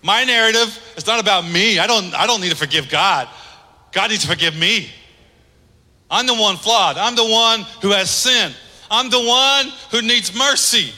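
A man preaching a sermon as pastor, emphatic, swinging between loud declarations and hushed asides. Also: high voice, moderate pace. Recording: long reverb of a large hall.

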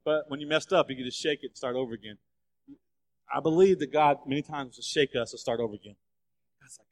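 A man preaching a sermon, telling the story with lively changes of voice as he acts out the figures. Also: medium pitch, fast, long pauses. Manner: animated storytelling, acting out quoted voices. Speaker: pastor. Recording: long hall reverb.

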